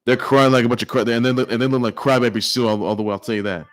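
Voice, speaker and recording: Fast-talking man ranting about sports. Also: medium pitch, steady tone. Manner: repetitive, trash-talking, many filler words. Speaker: sports vlogger. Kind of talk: casual sports rant.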